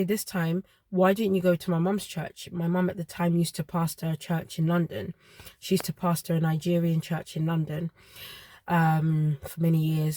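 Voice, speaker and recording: A woman, around her thirties, earnestly telling a personal story with emotional pauses. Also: on the low side, darkish tone, dry recording.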